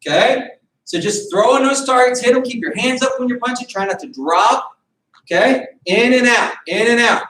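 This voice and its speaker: A man with a very high, slightly bright voice speaks at a normal speed while coaching. As a martial arts instructor, he runs a beginner boxing class by video call, calling out counts and commands. The room is echoey and the mic far away.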